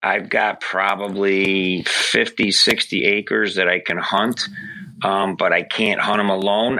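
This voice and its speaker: A man's voice: lowish voice, sharp tone. A man with a New York accent, from upstate New York, leaving an effusive, friendly voicemail question for a hunting show. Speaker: listener calling in.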